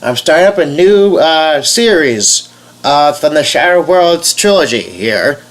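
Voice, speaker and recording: A man's voice: a little high, big pitch swings, unhurried. A young man with a nasal voice, casually rambling as a game voice-over YouTuber, full of fillers and restarts. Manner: hesitant, many fillers and restarts.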